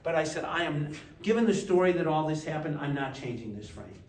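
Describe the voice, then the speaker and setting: A man with a slightly high voice tells stories in a relaxed, animated way, jumping up in pitch when he plays other people. He is recorded from across an echoey gallery room, with faint hiss underneath. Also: a little fast, far from the mic. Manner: animated anecdotes, acts out voices with big pitch jumps. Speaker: art collector giving a gallery talk. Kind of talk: casual storytelling talk. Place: museum gallery.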